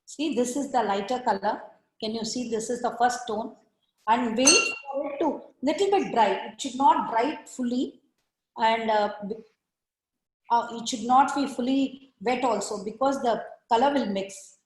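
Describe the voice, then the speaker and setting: A woman's voice: a little high, unhurried. A woman teaching an online art class, giving patient step-by-step instructions over a video call. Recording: echoey room on a video call.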